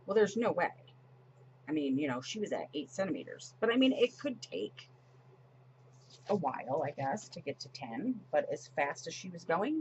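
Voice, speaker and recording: A woman's voice: low-pitched, sing-song, moderate pace, dull audio, a little hiss or hum. A woman in her forties chatting casually as she decorates her planner, retelling a story with lots of fillers and restarts. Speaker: planner vlogger.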